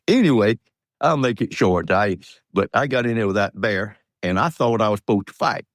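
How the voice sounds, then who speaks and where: An interview guest in his eighties from Georgia, USA, chuckles as he tells rambling, folksy tales in a Southern accent. His lowish voice moves at a normal speed on a dry studio-quality recording.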